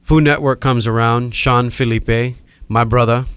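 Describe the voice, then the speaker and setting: A middle-aged man from Hawaii with a Hawaiian accent, telling animated stories as a podcast guest. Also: mid-range voice, measured pace, clear, resonant tone, no room sound. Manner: animated storyteller acting out quoted voices. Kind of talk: storytelling in a podcast interview.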